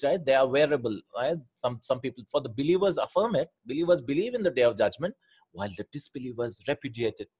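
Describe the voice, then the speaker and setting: Husky-voiced man teaching Arabic grammar. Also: medium pitch. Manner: explains patiently, often asks "right?", repeats words. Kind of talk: Quranic Arabic grammar lesson.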